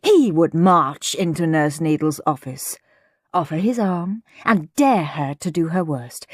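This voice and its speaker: A woman narrating a children's storybook aloud in an expressive way, close to a studio mic. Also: deep voice, unhurried, no echo. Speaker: audiobook narrator.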